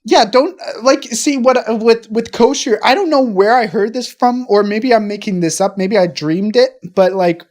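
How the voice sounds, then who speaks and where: A man co-hosting a comedy podcast, rambling and halting through improvised bits with profanity and constant restarts. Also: high-pitched. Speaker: podcast co-host.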